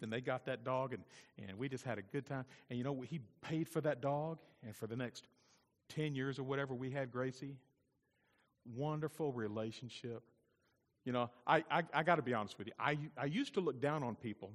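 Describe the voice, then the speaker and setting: A man's voice: mid-range voice, a bit bright. A middle-aged man preaching a sermon as pastor, mixing folksy personal storytelling with emphatic preaching. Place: church sanctuary. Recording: long church hall reverb.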